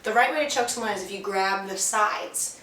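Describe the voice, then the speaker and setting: A woman's voice: mid-range voice, brisk, a bit bright, a little hiss or hum. A young woman casually telling a candid, profane story as a vlog co-host. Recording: echoey room, mic far off.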